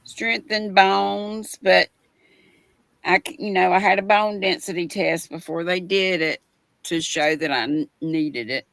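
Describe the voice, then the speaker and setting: A woman hosting a casual livestream chat, talking slowly and rambling with fillers. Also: fairly low pitch, fairly even intonation, gravelly, fairly bright tone, dry recording. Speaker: livestream host.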